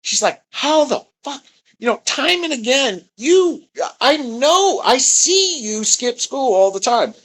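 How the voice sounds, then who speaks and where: A man voicing a livid teenage girl classmate, shrill and incredulous. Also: big pitch swings, slow, a bit bright, full character voice, poor audio.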